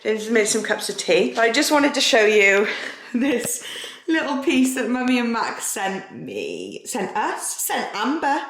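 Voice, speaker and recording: A woman's voice: fairly high pitch, big pitch swings, a little slow, fairly bright tone, echoey room, slight background noise. Chatty pregnant woman, slightly breathless. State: heavily pregnant and tired. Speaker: vlogger. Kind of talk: casual home vlog. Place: living room at home.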